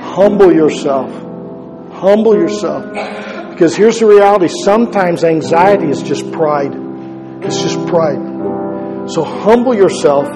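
A man's voice: fairly high pitch, a little slow, pauses often, big-room sound, music in the background, low-quality recording. A male pastor preaching an earnest, conversational sermon, repeating key phrases for emphasis. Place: church sanctuary.

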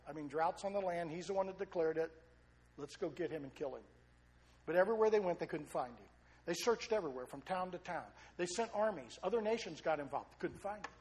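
A man preaching a sermon, retelling a story with lively repetition and questions to the congregation. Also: high-pitched.

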